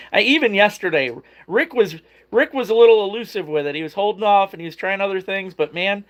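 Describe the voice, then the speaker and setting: Casting note: tired man, fishing stream host, slightly high voice, loose and chatty. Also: a little fast, a bit bright. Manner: tired, greets viewers by name, laughs often. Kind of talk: casual live stream chat.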